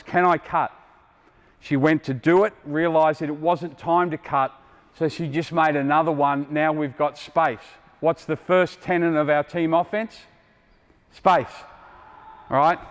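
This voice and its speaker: A middle-aged Australian man coaching players on court, quizzing them with blunt, joking asides. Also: fairly high pitch. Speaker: basketball coach. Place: indoor basketball court. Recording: long hall reverb from a gym.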